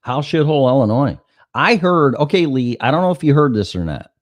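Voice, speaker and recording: A man's voice: medium pitch, brisk, no echo. A middle-aged man hosting a talk show, telling stories casually, with profanity and acted-out dialogue. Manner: animated, profane, acts out dialogue. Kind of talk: casual chat, anecdotal storytelling.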